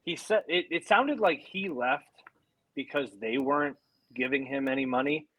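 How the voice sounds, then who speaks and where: A man co-hosting a casual podcast, talking in a relaxed, hesitant way with many fillers. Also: medium pitch, normal speed. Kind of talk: casual chat.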